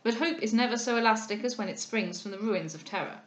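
A woman voicing a courteous, formal gentleman from a period novel, measured and polite. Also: a little high, natural voice. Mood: earnest. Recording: roomy echo.

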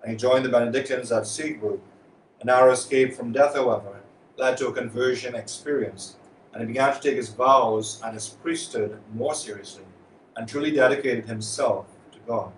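A man, a priest, reading the Gospel and giving a homily at Mass with measured, steady delivery. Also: medium pitch, slight background noise. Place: church. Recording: echoey church from far off.

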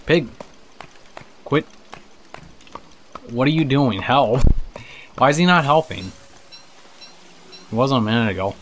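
A man's voice: medium pitch, lively intonation, slow pace, long pauses, fairly bright tone, slight background noise. A man giving casual let's-play commentary, chatting to the characters on screen, laughing and swearing as he plays. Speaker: gameplay commentator.

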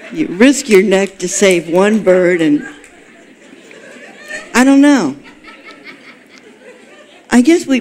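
A woman minister delivering a storytelling sermon in a conversational, folksy way, with gentle self-deprecating humor. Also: low-pitched.

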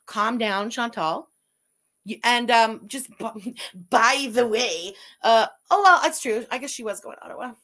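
A woman's voice: on the high side, sharp tone. A woman from Canada giving profane, sarcastic commentary while reacting to a video. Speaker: commentary streamer.

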